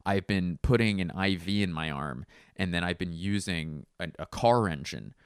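A man's voice: sits low, normal speed, clean tone, no room sound, studio quality. A young man hosting a podcast, telling a long, profane, rambling story and mimicking the people in it. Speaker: podcast host. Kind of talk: casual storytelling monologue.

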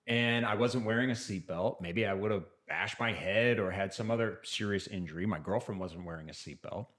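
A man telling a personal story as a guest on a podcast, animated and acting out what people said. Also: lowish voice, fairly quick. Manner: animated, acts out quotes, trails off and restarts. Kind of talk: casual storytelling in a podcast interview.

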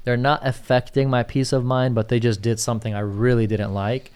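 A man's voice: medium pitch, little pitch movement, brisk, darkish tone, clear, resonant tone. A man co-hosting a podcast in casual chat, reading out listener questions and checking in with "you get what I'm saying?". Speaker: podcast co-host, commercial real estate agent.

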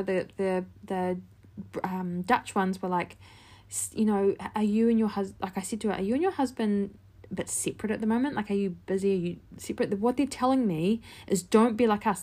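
A woman talks through a reading she gave as a medium, in a casual, chatty way. She fills her sentences with "like" and "um" and acts out the back-and-forth with lively quotes. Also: medium pitch. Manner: chatty, animated, many fillers and "like". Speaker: medium, podcast host. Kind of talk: casual storytelling to listeners.

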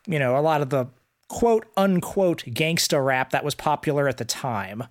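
A man's voice: fairly high pitch, animated, moderate pace. Enthusiastic rambling podcast man. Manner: enthusiastic, rambling with many "like" fillers. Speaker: podcast co-host. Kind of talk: casual music review chat.

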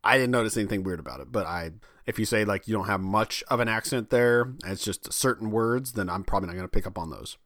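A man from Kansas co-hosting a podcast in a relaxed, easygoing way and often laughing. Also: fairly low pitch, fast, no room sound, studio quality. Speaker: podcast co-host. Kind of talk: casual chat.

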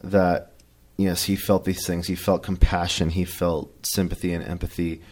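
A man co-hosting a podcast, talking about faith in a reflective, halting way with many fillers. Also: low-pitched, little pitch movement, a little mellow. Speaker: podcast co-host. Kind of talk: casual faith discussion.

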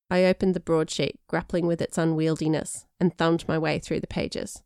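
A woman narrating a first-person story in a lively, expressive way. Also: low voice, moderate pace, few pauses, clean tone, dry recording, clean studio sound. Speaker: audiobook narrator.

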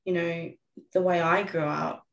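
Low gravelly woman, roomy echo. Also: steady tone, measured pace, a bit bright. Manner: frank and reflective, swears casually. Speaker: guest coach. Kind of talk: candid podcast conversation.

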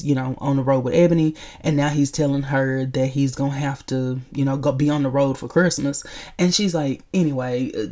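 A woman vlogging a casual movie review, chatty and animated, talking straight to her viewers. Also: low-pitched. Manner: chatty, animated, addresses viewers as y'all, laughs often. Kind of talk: casual chat.

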